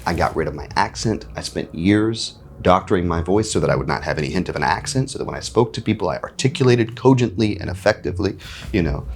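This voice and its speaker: A man from North Carolina, a musician giving a backstage interview, speaking in a reflective, articulate way with frequent pauses and fillers. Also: sits low, expressive, slight background noise. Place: festival backstage.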